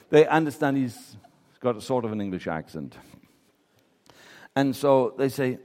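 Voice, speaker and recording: Guy preaching a sermon, lowish voice, lots of storytelling, big echoey church hall. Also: lively intonation, moderate pace, a little mellow. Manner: storytelling, acts out quoted voices.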